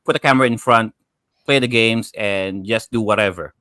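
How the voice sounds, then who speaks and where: A male host who opens the discussion hesitantly, his speech full of "uh" and "um". His voice is fairly low, and it is recorded close and dry, with almost no room sound. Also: moderate pace, bright, forceful tone, no echo. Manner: hesitant, many filler sounds. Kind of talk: casual panel chat.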